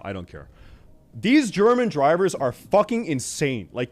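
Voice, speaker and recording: A young man streaming, ranting casually and profanely to his chat, exasperated and often loud. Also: mid-range voice.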